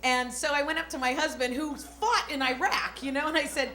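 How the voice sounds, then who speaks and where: A woman's voice: high voice, moderate pace, few pauses, sharp tone. A married woman doing stand-up comedy, telling stories in a chatty, playful way. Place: comedy club stage before a live audience.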